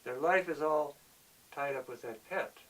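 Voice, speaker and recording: Preachy man lecturing earnestly, slightly high voice, mic set back from him. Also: unhurried, a bit bright, distant mic, poor audio. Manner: earnest, preachy, repeats himself. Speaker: speaker of the show. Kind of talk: preachy monologue.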